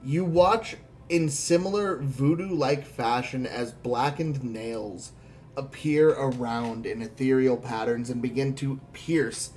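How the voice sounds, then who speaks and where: A man narrating a tabletop role-playing game as game master, quick and dramatic. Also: medium pitch, a little mellow, faint music behind.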